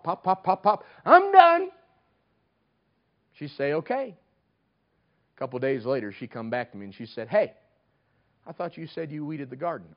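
A man preaching a sermon, swinging between loud emphatic lines and hushed ones. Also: on the high side, highs cut off.

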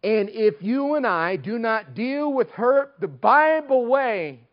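A man preaching a sermon, swinging between loud emphatic lines and hushed ones. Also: extremely high pitch, lively intonation, takes it slowly, dull audio.

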